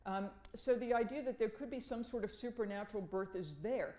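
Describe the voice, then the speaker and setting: An animated woman from Massachusetts talks with wry humor, often repeating words for emphasis. She speaks as a professor on a panel, and her voice rings in an echoey room. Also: fairly high pitch, a little fast. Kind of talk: conversational academic talk.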